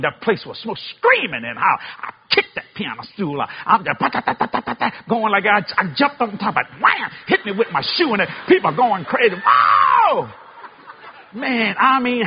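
A man preaching a sermon, telling funny stories with loud, animated bursts of shouting. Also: a little high, slightly rough, lo-fi sound. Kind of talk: sermon with comic storytelling.

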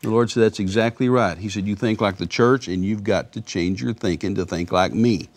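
A man's voice: fairly low pitch, a little fast. A man in his seventies telling his own faith story as an interview guest, earnest, repeating himself and acting out the dialogue he quotes. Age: 70s. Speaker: guest, former missionary. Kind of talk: storytelling testimony in a Christian interview.

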